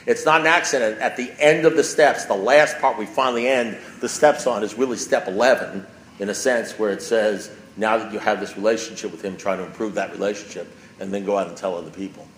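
A man's voice: fairly low pitch, fairly even intonation, a little fast, a bit bright. Emphatic man speaking at a recovery meeting. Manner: emphatic and repetitive, building with rising force. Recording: echoey room with faint background noise.

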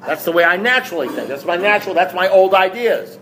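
A man sharing his recovery story at a meeting, telling it in an animated, self-mocking way with emphatic repetition. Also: sits high, fast, slight background noise.

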